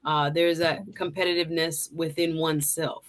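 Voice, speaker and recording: A woman's voice: sits low, level tone, normal speed. A woman hosting an interview, reflecting back on her guest's story in an encouraging, thoughtful way. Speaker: host. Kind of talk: casual interview.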